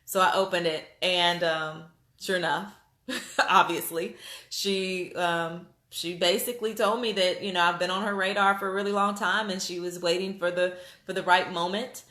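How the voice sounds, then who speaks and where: A woman vlogger telling a story to her viewers in a casual, animated way, with lots of fillers and restarts. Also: lowish voice, normal speed. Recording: roomy echo.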